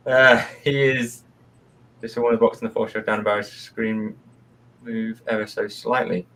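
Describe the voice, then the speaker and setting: A man's voice: fairly low pitch, fairly even intonation, moderate pace, fairly bright tone, slight background noise, rough recording. A man co-hosting a live stream, chatting casually and introducing the other hosts. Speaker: co-host.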